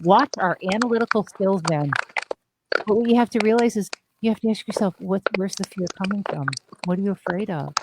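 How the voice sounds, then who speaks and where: A woman's voice: lowish voice, heavy background noise. A woman therapist hosting a podcast, telling blunt, emphatic stories in candid talk. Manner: blunt, emphatic storytelling with swearing.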